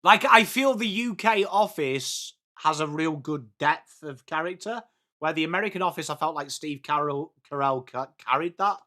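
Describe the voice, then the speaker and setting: A young English man hosting a live football watchalong, chatting excitably with viewers and calling out plays. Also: fairly high pitch, moderate pace. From England. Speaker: watchalong stream host.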